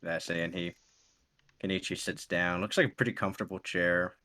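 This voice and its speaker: A man narrating as game master of a tabletop role-playing game, calm and descriptive. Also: low-pitched, brisk.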